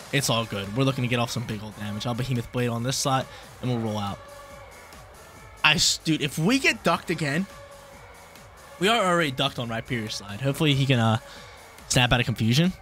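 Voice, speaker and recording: A man commentating his own competitive video game match in a casual, slangy way, breaking into loud yelps when luck turns against him. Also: mid-range voice. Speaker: gaming YouTuber.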